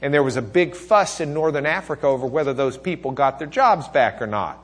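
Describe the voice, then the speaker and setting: A man's voice: medium pitch, animated, fairly quick, husky. A man teaching a church history class, folksy and joking, with plenty of fillers and asides. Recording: recorded on tape in class.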